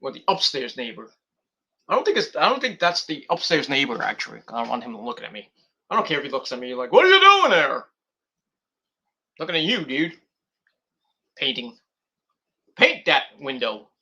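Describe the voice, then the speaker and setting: A mid-range male voice with big pitch swings comes from a wrestling review vlogger who talks fairly quickly but pauses often. His tone is sharp and slightly rough, and his casual commentary rambles, curses, and strays onto tangents.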